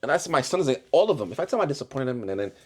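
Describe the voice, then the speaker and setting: A man's voice: mid-range voice, very animated, racing. A father in a casual podcast chat, animatedly telling stories about his kids and acting out their voices. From the islands. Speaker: single father guest.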